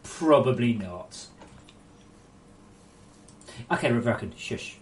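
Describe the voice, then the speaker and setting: A woman game developer talking on a live stream, reading out viewer messages as she goes. Her voice sits low for a woman, and her pitch swings widely as she rants. She is quick to anger and swears freely. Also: animated, darkish tone, a little hiss or hum. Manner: profane, ranting, quick to anger. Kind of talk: casual livestream chat, reading viewer messages aloud.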